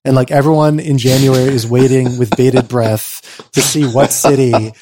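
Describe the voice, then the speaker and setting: A middle-aged man telling a lively story in a casual conversation, acting out quotes and saying "like" a lot. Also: normal speed, slight background noise. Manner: animated, acts out quotes in a high voice, many "like"s. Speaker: guest.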